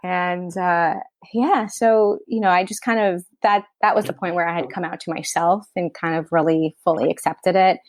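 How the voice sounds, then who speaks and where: A woman's voice: on the low side, steady tone, normal speed, few pauses, dry recording. A woman from Queens, New York, a writer-director telling a personal story in an interview, candid and emotional, her speech full of "like" and "you know.".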